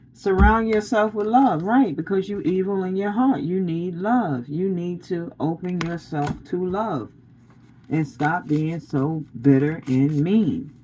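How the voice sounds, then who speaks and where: A woman's voice: on the low side, takes it slowly, mellow, a little hiss or hum, low-quality recording. A woman giving a casual spiritual pep talk as a tarot reader, blunt and preachy, laughing often and using slang.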